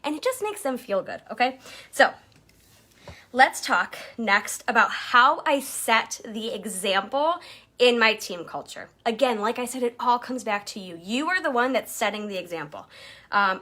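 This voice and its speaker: A woman's voice: medium pitch, pushed and bright. A woman leading a direct-sales team, giving a chatty motivational coaching talk and acting out quotes in jumpy voices.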